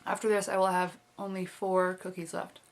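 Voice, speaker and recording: A woman's voice: fairly low pitch, level tone, normal speed. A woman in her twenties chatting casually in a video diary, rambling with lots of fillers and little laughs. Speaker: vlogger.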